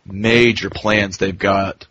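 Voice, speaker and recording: Husky man joking in a podcast chat. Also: low voice, flat delivery, takes it slowly, pushed and bright, no room sound. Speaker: podcast co-host. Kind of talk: casual chat. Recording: dull lo-fi sound.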